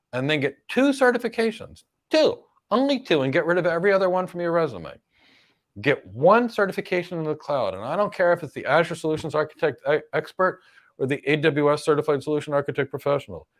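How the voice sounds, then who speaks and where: A middle-aged man with an American accent hosting a live Q&A and giving career advice in an emphatic way, full of rhetorical questions. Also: fairly high pitch. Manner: emphatic, rhetorical questions, repeats key points. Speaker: cloud career coach and host.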